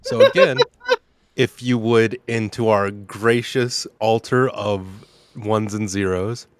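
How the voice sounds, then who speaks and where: A man hosting as game master, in a low voice with a playfully formal, slightly theatrical manner. The sound is dry and close. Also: huge pitch swings, slow, no echo. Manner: playfully formal, laughs often. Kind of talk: hosting a live stream Q&A.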